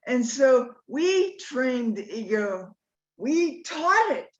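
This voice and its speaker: Slow, reflective woman on a dull call. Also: high-pitched, big pitch swings. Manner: halting, thoughtful, pauses often. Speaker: study group participant. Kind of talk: reflective spiritual sharing. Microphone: video call.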